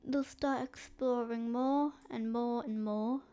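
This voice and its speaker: A woman narrates a map history video at an unhurried, halting pace. Her voice sits a little high and sounds stuffy from a snotty nose. She pauses often and fills the gaps with "um". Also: steady tone, warm tone, smooth. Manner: hesitant, slow, with frequent fillers. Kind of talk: slow narrated map commentary.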